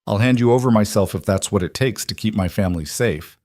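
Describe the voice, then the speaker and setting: A man's voice: on the low side, fairly quick, darkish tone, no echo, studio quality, close to an everyday voice. A man voicing a stern frontier rancher father. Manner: curt and stern.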